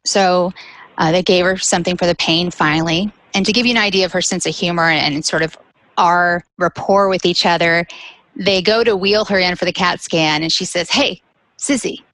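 A woman's voice: lowish voice, steady tone, brisk, a bit bright, no room sound, poor audio. A woman guest telling a personal caregiving story, candid, with light laughs between serious points.

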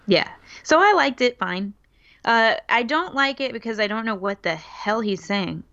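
A woman's voice: a little high, expressive, normal speed, vocal fry, pushed and bright. A woman co-hosting a casual podcast about comics, blunt and playful in her opinions. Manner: playful, blunt, acts out quotes. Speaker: podcast co-host. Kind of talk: casual comic book review chat. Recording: dull lo-fi sound.

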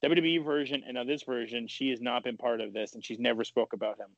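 Gravelly man chatting casually. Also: medium pitch, fast, dry recording, highs cut off. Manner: animated, swearing, retells stories with quoted voices. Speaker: podcast co-host. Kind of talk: casual chat.

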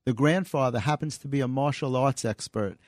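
A man's voice: medium pitch, fairly quick, a little mellow, no room sound. A man being interviewed in a radio studio, telling stories in an earnest way. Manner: earnest storyteller. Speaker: guest, comedy writer and author. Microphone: studio microphone.

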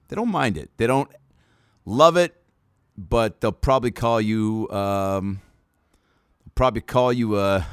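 A man's voice: fairly low pitch, no room sound, studio quality. A male comedian hosting his podcast in a loose, joking way, swearing freely. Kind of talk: casual chat. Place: in Australia.

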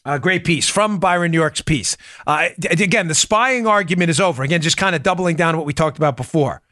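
A man's voice: fairly high pitch, fairly quick, sharp tone, dry recording, studio quality. A man with a New York accent hosting a political podcast, talking in an emphatic, punchy way and reading ads himself. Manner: emphatic, punchy, repeats key points. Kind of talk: opinionated political talk and host-read ad.

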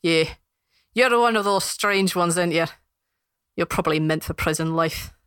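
A woman voicing a gruff bald male dwarf guard who scorns the prisoners. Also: lowish voice, moderate pace, fairly bright tone, no room sound, studio quality, lightly acted. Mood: contemptuous. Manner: scornful, blunt.

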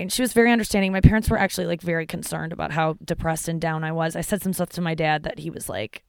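Woman podcast host, lower-pitched, rambling confessional with swearing, on the edge of tears. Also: fairly even intonation, fast talker, gravelly, hardly any pauses, clean tone, no room sound. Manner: frank, rambling and profane, emotional and close to tears. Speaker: podcast host and stand-up comedian. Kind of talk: candid personal monologue.

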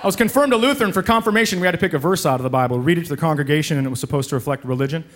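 A middle-aged man performing a stand-up comedy set, animated and acting out the voices he quotes. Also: fairly high pitch, racing, background noise. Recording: comedy club with loud laughing crowd. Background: crowd laughter and applause.

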